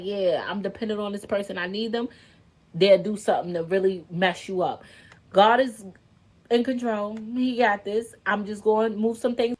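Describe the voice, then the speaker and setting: A woman speaking in in an emotional vlog, venting straight to her viewers, animated and swearing freely. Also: mid-range voice. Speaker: content creator venting to viewers.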